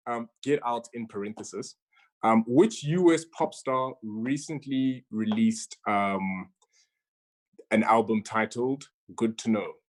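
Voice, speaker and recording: Chatty woman reading quiz questions. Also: extremely low pitch. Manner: chatty, stumbles and repeats words. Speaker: quizmaster. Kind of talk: casual online quiz hosting.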